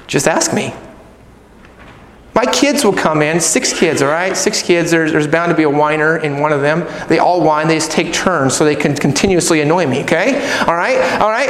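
Middle-aged guy preaching, really high voice, big echoey church hall. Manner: animated, acts out people and God in quoted voices. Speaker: pastor. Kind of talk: sermon. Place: church sanctuary. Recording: echoey hall with long reverb.

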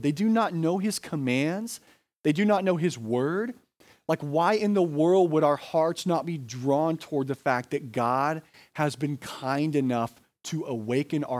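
An American-accented pastor preaches his sermon conversationally, frequently asking "right?" and saying "like". His voice is fairly high in pitch and a little mellow.

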